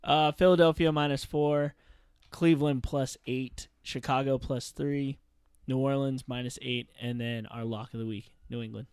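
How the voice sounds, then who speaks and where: A man's voice: mid-range voice, fairly even intonation, moderate pace, a little mellow, clear, resonant tone, no room sound. Laid-back man in a sports chat. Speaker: podcast co-host.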